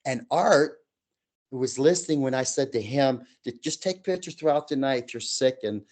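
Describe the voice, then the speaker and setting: A man telling his own eerie outdoor experiences to an interviewer, in an animated way that acts out the other people in the story. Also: mid-range voice, moderate pace. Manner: animated, acts out quoted voices. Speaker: guest storyteller. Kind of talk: telling personal paranormal stories.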